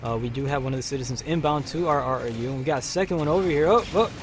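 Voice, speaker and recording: A chatty man hosts a live game stream, talking nonstop over his match at an ordinary mid pitch. He turns excitable and calls his teammates comrade. Faint game music plays behind him. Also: very fast. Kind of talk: gameplay commentary.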